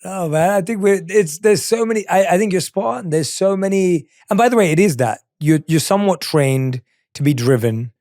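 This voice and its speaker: A man's voice: sits high, animated, moderate pace, a little mellow. A male podcast host asking questions, enthusiastic and laughing often. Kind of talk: interview conversation. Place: podcast studio.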